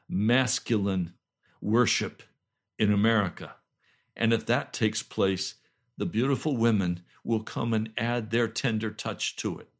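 An older male pastor, slightly hoarse, preaching a fervent sermon that swings between loud pleading cries and low, intense urging. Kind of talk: impassioned home sermon video.

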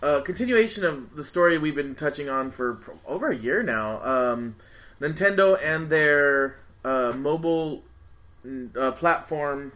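A man's voice: a little high, measured pace, fairly bright tone. A man hosting a casual podcast chat, moving the talk through news stories. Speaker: podcast host.

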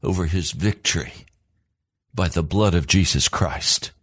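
Male pastor, sermon, low voice, earnest and emphatic, dry close sound. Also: unhurried, a bit bright, breathy edge, no echo. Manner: earnest, emphatic, repetitive preaching cadence.

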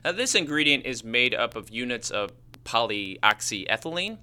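Bright-voiced man with a Chicago accent. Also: mid-range voice, very animated, normal speed, smooth. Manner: explanatory, laughs easily. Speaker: podcast co-host. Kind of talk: casual science chat.

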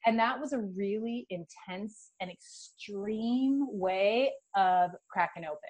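A middle-aged woman from California, guest in an interview, telling a personal spiritual story in an animated, emotional way. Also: mid-range voice, slow.

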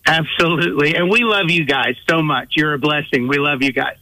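A man's voice: a little high, fairly quick, sharp tone, dry recording, rough recording. A man calling in to a radio morning show, joking and playfully doing his grandmother's voice. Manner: jokey, does his grandmother's voice. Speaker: caller. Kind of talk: phone call to a radio show.

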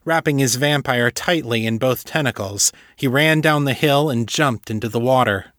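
Casting: man reading audiobook narration, even middle pitch, dry close sound. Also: moderate pace, no room sound. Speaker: author and podcast narrator.

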